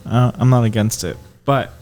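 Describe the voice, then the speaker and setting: A man's voice: mid-range voice, steady tone, moderate pace, darkish tone. A man co-hosting a casual podcast, laughing often and brushing off his co-host's dares. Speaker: podcast co-host. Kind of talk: casual banter.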